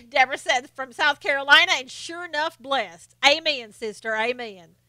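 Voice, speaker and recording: A woman's voice: high voice, moderate pace, pushed and bright, no echo. A woman hosting a casual live stream, chatting and laughing as she reads viewer comments aloud. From Southern United States.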